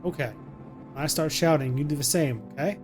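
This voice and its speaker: A man voicing a frightened young mother who talks to her little son in a hushed, soothing way, reading game dialogue aloud. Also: on the high side, fairly quick, over music, close to an everyday voice. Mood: hushed, coaxing. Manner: hushed and soothing, coaxing a child.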